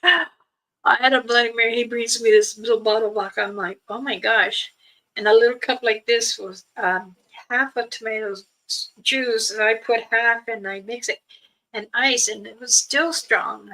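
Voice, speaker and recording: Speaking at a moderate pace, this woman has a slightly high, pushed, bright voice and a steady tone. She hosts a laid-back livestream about a trip, laughing a lot and reading out comments from viewers. Her streaming mic yields a low-quality recording.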